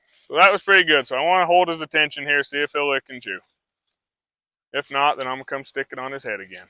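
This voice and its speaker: A man's voice: fairly high pitch, fast, pushed and bright, no room sound. A man who trains horses, talking a live audience through a demonstration in a casual, rambling way full of fillers.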